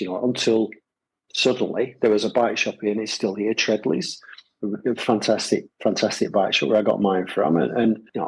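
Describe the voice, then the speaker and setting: A man's voice: fairly low pitch, gravelly, husky, rough recording. A man telling stories in a loose, rambling podcast chat, full of fillers and restarts. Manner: rambling, lots of fillers and repeated phrases. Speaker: podcast guest, gravel shop owner. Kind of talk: casual conversational storytelling. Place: Adelaide Hills, South Australia.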